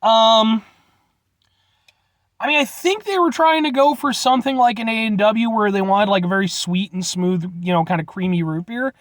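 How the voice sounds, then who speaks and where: A man's voice: sits high, normal speed, fairly bright tone, no room sound. A young man from Illinois giving a casual, blunt review with rambling restarts and casual swearing. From Illinois, USA. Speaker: vlogger reviewing root beer.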